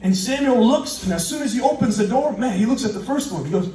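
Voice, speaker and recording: A man telling a Bible story as a lively sermon, animated and laughing, calling on the audience to repeat words. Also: very high voice, fast talker, few pauses. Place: large indoor hall. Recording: echoey hall from far off.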